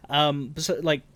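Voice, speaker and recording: A man's voice: fairly high pitch, a bit bright, dry recording. A man live-streaming a game, commenting casually in a rambling, self-interrupting way.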